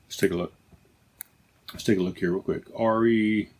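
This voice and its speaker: A man's voice: fairly low pitch, steady tone, normal speed. A man hosting a podcast on his own, chatting casually and enthusiastically, often restarting and correcting himself. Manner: rambling, self-correcting, enthusiastic. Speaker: podcast host. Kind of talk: casual solo podcast chat.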